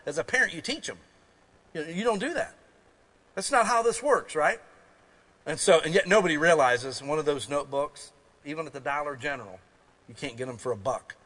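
A man preaching a sermon as pastor in a folksy, conversational way, moving between quiet asides and loud emphasis. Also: fairly high pitch.

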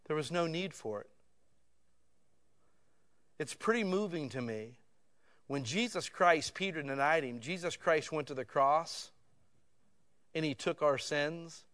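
A man preaching a sermon in a conversational, casual way that swells to loud emotional peaks. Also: a little high, expressive, measured pace, pauses often.

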